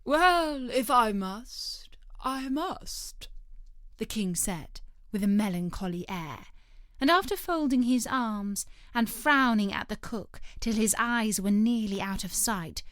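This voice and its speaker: A woman narrating a storybook in a gentle, unhurried manner. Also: mid-range voice, no room sound, studio quality.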